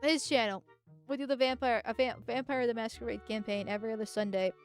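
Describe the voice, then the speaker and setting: A woman gives live gameplay commentary as a vtuber, rambling and restarting, then flaring up in quick-tempered, foul-mouthed rants at the game. Her voice is a little high and steady in tone, over faint music.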